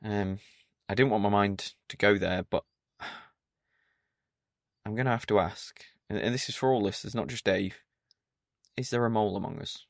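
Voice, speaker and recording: A man's voice: lowish voice, fairly even intonation, moderate pace, creaky, no echo. A man hosting a solo podcast, talking in a dry, mock-stern and pedantic way. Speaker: podcast host.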